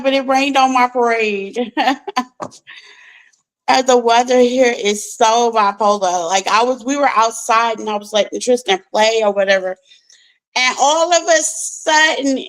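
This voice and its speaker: A young woman, hosting a tarot channel in casual chat, laughing often and talking in animated slang. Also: a little high, poor audio. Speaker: tarot reader, channel host.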